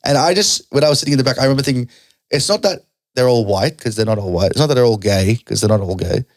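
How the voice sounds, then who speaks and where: A man with an Australian accent, a stand-up comedian telling stories fast and animatedly in a casual podcast chat, with plenty of swearing. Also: mid-range voice, expressive, no room sound, studio quality.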